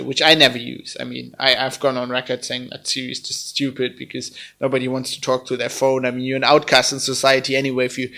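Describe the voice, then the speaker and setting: German-accented male tech reviewer, mid pitch, raspy fry, loose and blunt. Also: pushed and bright. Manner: chatty and blunt, with many fillers and restarts. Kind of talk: casual product review.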